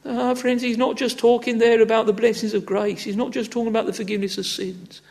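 A man delivers a sermon in a very high voice with a gravelly edge. He presses his listeners earnestly and keeps returning to "ah, friends" and "oh" as he exhorts them. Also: flat delivery, quick pace, darkish tone. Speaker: preacher.

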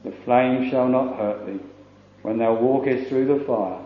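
A man preaches a slow, solemn sermon and leans into scripture in archaic phrasing. His voice sits in a middle register. It was recorded in an echoey church on dull, lo-fi old tape. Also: mid-range voice. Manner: solemn, measured preaching with King James quotations.

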